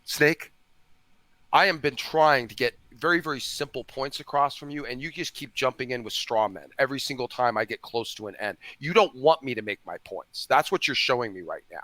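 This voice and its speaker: A man's voice: medium pitch, fairly quick, sharp tone, no echo. A man in a heated online debate, lecturing, exasperated and tired, talking over the other person on a call microphone. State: tired after a long day. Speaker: debater defending Christian view.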